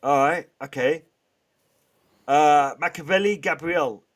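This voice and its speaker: A man hosting a casual live stream, bantering with the chat in a lively way and often restarting his sentences. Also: a little high, slow pace. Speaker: livestream host.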